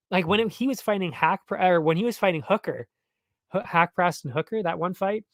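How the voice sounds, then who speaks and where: A man with a somewhat high voice talks through his betting picks in a loose, slangy ramble, often correcting himself mid-thought and chuckling at his own jokes. The sound is close and dry, with no room around it. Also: a bit bright, dry recording. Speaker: betting tipster host. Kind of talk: casual solo betting talk.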